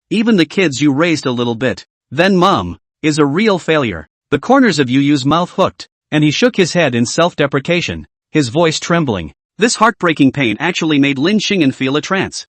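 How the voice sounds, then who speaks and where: A man narrating a comic story recap in a steady storytelling way. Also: a little high, no room sound.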